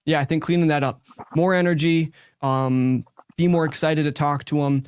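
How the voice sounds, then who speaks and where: A man's voice: on the high side, fairly even intonation, moderate pace, smooth, no room sound, clean studio sound. A man who hosts a show, giving direct, talkative live coaching feedback with many likes and restarts. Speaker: sales coach and show host.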